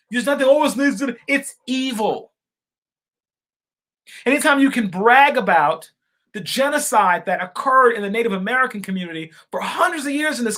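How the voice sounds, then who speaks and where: A man hosting a political live stream, talking straight to his viewers and reading their comments, fervent and repetitive, swinging from loud outbursts to quiet asides. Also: very high-pitched. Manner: addresses viewers directly as y'all and folks.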